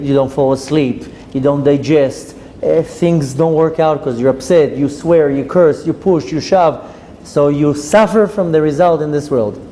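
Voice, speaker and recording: A man teaching a class as a rabbi, telling a story in a lively way and often repeating and restarting his phrases. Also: a little high, a little hiss or hum. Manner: repeats and restarts phrases, tells a joke with rising intensity. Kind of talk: lively spoken Torah lesson with storytelling.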